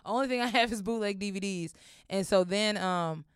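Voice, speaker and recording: A woman's voice: mid-range voice, moderate pace, clear, resonant tone, no room sound, clean studio sound. A young woman, telling a personal story casually, acting out voices and swearing freely. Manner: animated, acts out voices, swears often.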